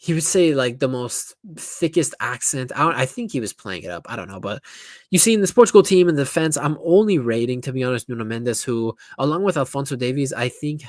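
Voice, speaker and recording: A man's voice: medium pitch, animated, fairly quick, a little mellow, no room sound, studio quality. A man giving casual, opinionated football analysis, talking bluntly with lots of restarts and asides. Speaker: football pundit YouTuber.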